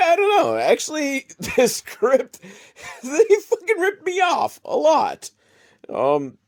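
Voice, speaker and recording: A man giving a rambling, profane and sarcastic comedic recap of a film, wandering off into side stories. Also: mid-range voice.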